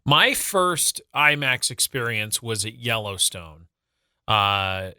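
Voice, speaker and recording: A man with a very bright, forceful voice chats on a morning radio show. He tells self-deprecating stories in a loose, animated way, full of little fillers. The studio sound is close and dry. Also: mid-range voice, slow pace, clear, resonant tone, no echo. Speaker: radio co-host. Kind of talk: casual morning radio chat. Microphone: studio microphone.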